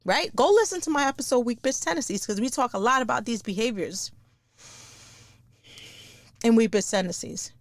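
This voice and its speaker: A woman, hosting a podcast in a blunt, profane, animated casual monologue. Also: fairly high pitch, moderate pace, long pauses, no echo. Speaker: podcast host.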